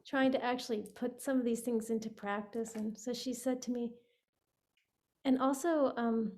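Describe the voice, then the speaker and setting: A woman sharing a personal story in a group video call, animated and often laughing. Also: a little high, moderate pace. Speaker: participant.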